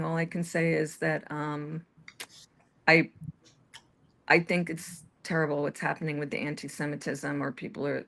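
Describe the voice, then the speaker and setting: Lowish woman, casual rambling storyteller, hesitant. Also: little pitch movement, normal speed, gravelly, pauses often, a bit bright. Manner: rambling, hesitant, full of restarts. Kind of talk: casual chat.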